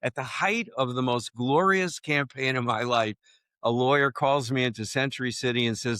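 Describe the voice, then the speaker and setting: Older man, animated storyteller, dry sound. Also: medium pitch, moderate pace, smooth, no echo. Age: 70s. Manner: animated storyteller, acts out quoted voices. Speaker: guest author. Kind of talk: storytelling interview.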